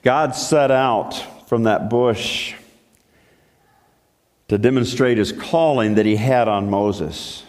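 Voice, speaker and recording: A man preaching a sermon, telling a story in a lively way with many restarts. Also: mid-range voice, slow, big-room sound. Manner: animated storytelling with repeated restarts.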